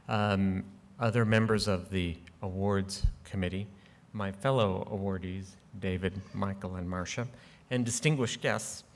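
Earnest man speaking in a hall. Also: lowish voice. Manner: measured, earnest, with frequent ums and dry humor. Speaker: award recipient giving an acceptance speech. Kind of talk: formal acceptance speech. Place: large ceremony hall. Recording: long hall reverb.

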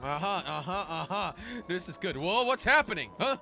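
Young male gaming host, high and lively, jokey and excitable, soft game music underneath. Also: normal speed, creaky. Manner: excitable, jokey, frequent laughs and shouts. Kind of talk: game commentary.

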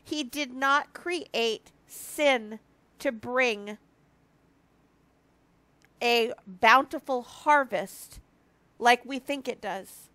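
A woman's voice: on the high side, very slow, long pauses, pushed and bright, no room sound. A woman in her early fifties giving an earnest, confessional devotional talk to her viewers, teary and close to crying, often restarting her sentences. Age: 50s. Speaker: marriage ministry speaker.

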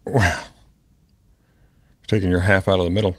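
A man co-hosting a game let's-play as the dad, teasing in a dry, deadpan way. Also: deep voice, moderate pace, no echo. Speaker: co-host, the dad. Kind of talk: casual let's-play banter.

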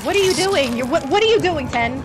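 A woman streaming a game live, reacting loudly, swearing and shouting at the screen. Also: high-pitched, expressive, a little fast, noisy background. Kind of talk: live gameplay reaction commentary. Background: loud game music and sound effects.

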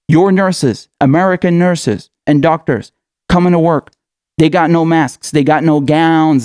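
A man delivers sarcastic political commentary, mocking and taunting listeners with rhetorical questions and frequent laughs. His voice is fairly high with a darkish tone, in clean studio sound with no room sound.

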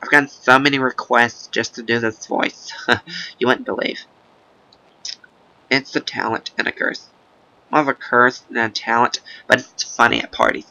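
A man doing casual, rambling video game commentary in a gravelly, goofy put-on voice, breaking into silly sing-song chants. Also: medium pitch, fairly even intonation, unhurried, pauses often, pushed and bright, lo-fi sound. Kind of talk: casual let's-play commentary.

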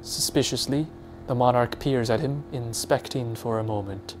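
A man's voice: medium pitch, normal speed, slight background noise. A man narrating an audiobook in a dramatic storytelling manner. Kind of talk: scripted narration.

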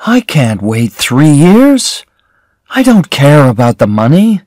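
A man's voice: animated, a little slow, a little mellow, dry recording, studio quality, close to an everyday voice. A man voicing a worried young woman, raising his voice to plead with her lover. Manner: raised pitch, earnest and emotional.

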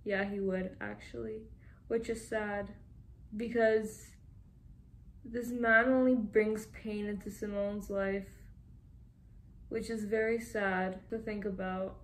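A woman's voice: medium pitch, level tone, slow pace, pauses often. Young woman, from Canada, casual fan commentary, chatty, giggly, mid-range voice. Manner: chatty and giggly, often laughing. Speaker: vlogger.

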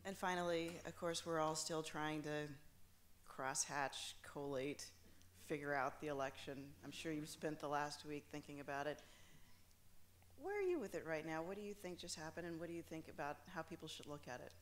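Female interviewer, news anchor by trade: measured, clear questions at an author event. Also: deep voice, animated, a little hiss or hum. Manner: reads a quote aloud, then asks measured questions.

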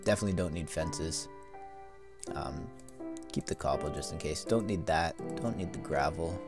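A man's voice: rumbling low, normal speed, over music. A man giving casual, rambling gameplay commentary with lots of fillers, yawning as he plays. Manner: rambling, easygoing, many fillers. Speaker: let's play host.

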